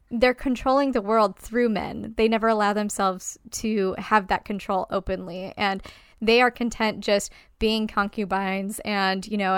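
A woman co-hosting a casual discussion, animated, swearing freely and using many fillers. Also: medium pitch, smooth, no echo, studio quality. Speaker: podcast co-host.

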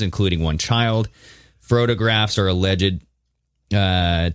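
A man's voice: fairly low pitch, no room sound, studio quality. A man co-hosting a podcast, reading ad copy and news articles aloud with casual asides. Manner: reads ads and articles aloud with loose asides. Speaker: podcast co-host.

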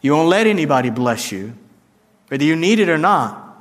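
A man's voice: fairly high pitch, big pitch swings, moderate pace, long reverb tail. A man preaching a conversational sermon, acting out quoted lines with shifts in his voice. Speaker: pastor.

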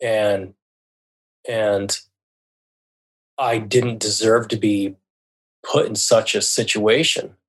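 A man telling a personal story as a podcast guest, speaking in a halting, earnest way and often restarting his phrases. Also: mid-range voice. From United States.

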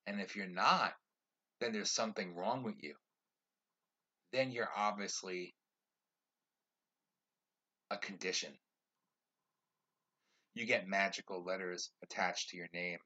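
A man's voice: deep voice, pushed and bright, husky, dull audio. A man hosting his own podcast, delivering a fired-up social commentary rant that repeats phrases for emphasis. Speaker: podcast host.

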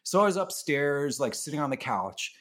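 A man recounting tour stories in a loose, unfiltered way, laughing often and cursing freely. His voice sits a little high and swings widely in pitch as he gets into the telling. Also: very animated, normal speed, fairly bright tone. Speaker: band member, podcast guest. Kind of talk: casual storytelling.

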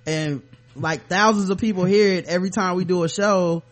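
A man co-hosting a casual podcast over a video call, talking in an animated, sarcastic way and laughing often. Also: high-pitched, normal speed. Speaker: podcast co-host. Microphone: webcam on a video call.

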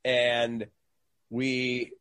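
A man's voice: medium pitch, extremely slow, clear, resonant tone, dry recording. A middle-aged man, a guest in an interview, telling a story and acting out the people in it. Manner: animated storyteller who acts out quoted voices.

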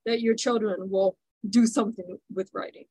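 A woman's voice: medium pitch, fairly even intonation, normal speed, mellow, husky, no echo, poor audio. Chatty woman host, dry sound. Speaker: podcast host. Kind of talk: casual interview chat.

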